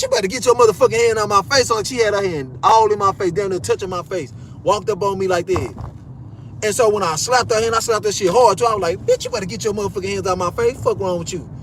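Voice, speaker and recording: A young man telling a story in a casual, animated rant, swearing often and repeating himself. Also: sits high, a little hiss or hum.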